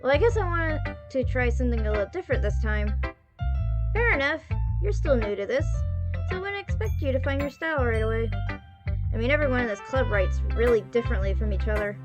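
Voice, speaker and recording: A woman's voice: fairly high pitch, lively intonation, brisk, music in the background, close to an everyday voice. A woman reading aloud the lines of a prickly, defensive teenage girl from a game, curt and sulky, then pleading.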